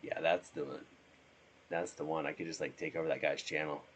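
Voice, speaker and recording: Man, hoarse from a cold, very low voice, husky, casual rambling chat. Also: level tone, fairly quick. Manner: rambling, trails off. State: hoarse from being sick. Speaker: streamer. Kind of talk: casual chat while playing a drone simulator.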